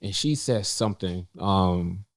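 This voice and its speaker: A man's voice: low-pitched, no echo, studio quality. A young man, a podcast co-host from North Carolina, telling a personal story in casual conversation with many fillers and restarts. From North Carolina, USA. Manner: halting, many fillers and restarts, voice lifts when quoting himself. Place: indoors in a cafe.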